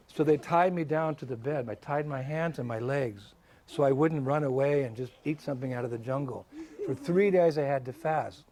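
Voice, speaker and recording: A man, a visiting swami, telling a story to schoolchildren in a lively way, laughing and bursting into shouts and chants. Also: mid-range voice, moderate pace. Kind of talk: animated storytelling.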